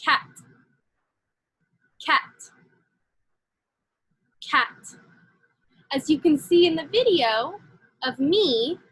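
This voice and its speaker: Woman teacher, high voice, breathy, unhurried, coaching little kids through syllables. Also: no echo, rough recording. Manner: slow, encouraging, speaks to young kids. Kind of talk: children's phonics lesson.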